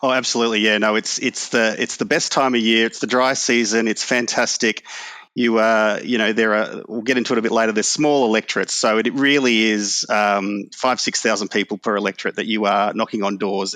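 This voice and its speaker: Lower-voiced Australian male guest, relaxed and conversational, tends to pause and restart. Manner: easygoing, recounts memories with fillers. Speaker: guest, former political staffer. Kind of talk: casual interview chat.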